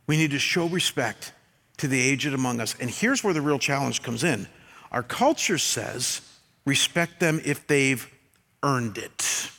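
An older man, a pastor preaching a sermon, telling stories with self-deprecating humor and swinging between loud bursts and quiet, earnest stretches. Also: on the high side, breathy edge. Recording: long hall reverb.

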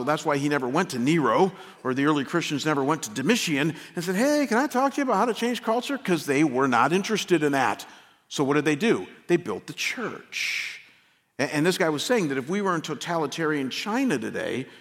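Impassioned pastor preaching in a big hall. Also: male voice, medium pitch. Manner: impassioned, rising to near-shouting peaks then dropping quiet. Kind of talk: sermon. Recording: long reverb of a large hall.

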